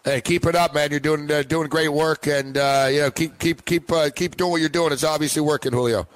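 A man's voice: a little high, steady tone, fairly quick, no room sound, rough recording. A young man hosting a sports betting show, chatting casually and rambling, often repeating himself.

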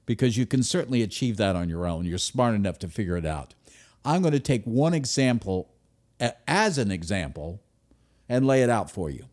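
A man giving a speech to an audience, emphatic, with sudden loud stresses and drops to a near-whisper. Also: lowish voice. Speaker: speaker.

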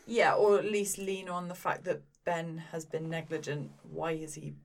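A woman playing a tabletop game, calm and agreeable. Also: on the low side, normal speed. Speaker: player.

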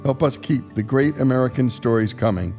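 A man's voice: mid-range voice, fairly quick, warm tone, faint music behind. A male radio host wrapping up a story and reading a donation appeal in a polished delivery.

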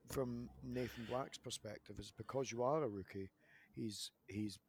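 A man in his thirties with a gravelly edge, talking at a middling pitch. He rambles through casual podcast stories, restarting sentences as he goes and getting worked up over old grievances. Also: normal speed. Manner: animated, rambling storytelling with restarts. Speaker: podcast host, wrestler.

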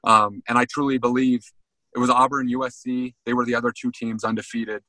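A man's voice: medium pitch, brisk, no room sound, low-quality recording. A man, a former college football player, telling a story in a casual interview and often saying "man". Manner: animated storyteller, says "man" a lot.

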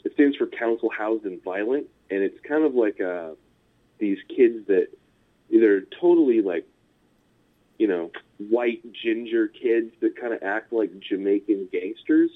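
A man's voice: lowish voice, measured pace. A man with a Californian American accent, a punk musician chatting casually as an interview guest, rambling with lots of fillers and chuckles. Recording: tinny phone-line audio.

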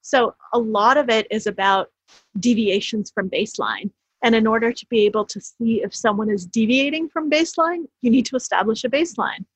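An author guest in an interview makes her points emphatically, often restarting phrases midway. Her voice is on the high side, brisk and husky, and the recording is dry, dull, and slightly lo-fi.

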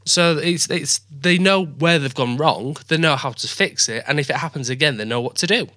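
A man with a northern English accent, hosting a relaxed casual interview and explaining things patiently. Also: on the high side, moderate pace, no echo, studio quality. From northern England. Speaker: podcast host.

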